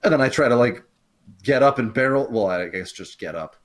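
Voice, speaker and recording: A man playing a tabletop game, excitable and stammering, often laughing as he talks. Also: mid-range voice, brisk. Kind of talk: casual tabletop play.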